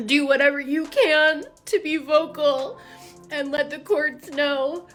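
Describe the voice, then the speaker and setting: A woman's voice: high voice, steady tone, takes it slowly, fairly bright tone, faint music behind. A woman speaking urgently and directly to her viewers as a commentator.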